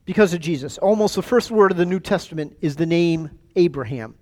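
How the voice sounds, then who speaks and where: A man preaching a sermon as pastor, animated and calling out to his congregation, often repeating himself as he goes. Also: fairly high pitch, fairly quick. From United States. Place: church sanctuary.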